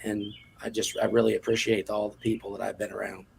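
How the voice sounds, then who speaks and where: A man's voice: lowish voice, flat delivery, quick pace, gravelly, darkish tone, breathy edge. A man from the New York area, a competition cook, speaking earnestly as a guest in a casual interview.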